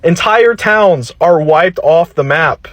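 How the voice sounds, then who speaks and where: A man's voice: fairly high pitch, lively intonation, slow, a bit bright, dry recording. A man, heatedly and sarcastically defending his home region in a reaction video. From western North Carolina.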